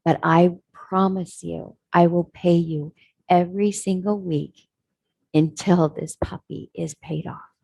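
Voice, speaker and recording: Storytelling bit: woman playing an earnest, determined little boy, soft husky tone. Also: lowish voice, fairly even intonation, takes it slowly, no room sound, exaggerated voice. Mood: eager. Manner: sincere, pleading.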